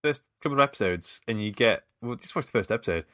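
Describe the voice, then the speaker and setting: A man's voice: medium pitch, expressive, quick pace, sharp tone, no echo, clean studio sound. A man co-hosting a podcast in casual chat, laid-back and hesitant. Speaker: podcast co-host.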